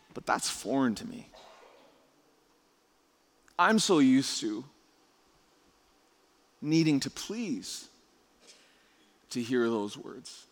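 A man's voice: mid-range voice, pushed and bright. A man preaching a conversational sermon, chatty and full of restarts and rhetorical questions. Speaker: pastor. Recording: long reverb of a large hall.

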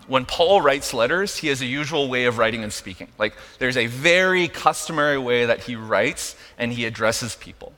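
With a slightly high, somewhat bright voice, this pastor talks through his sermon conversationally. He keeps turning to the congregation with "right?" to check they're with him, while the hall adds a long reverb.

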